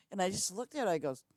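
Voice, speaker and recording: A woman's voice: medium pitch, darkish tone, dry recording, studio quality. A middle-aged woman chatting on a live stream from home, blunt and matter-of-fact, often restarting her sentences. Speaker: game streamer. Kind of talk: casual chat on a live stream.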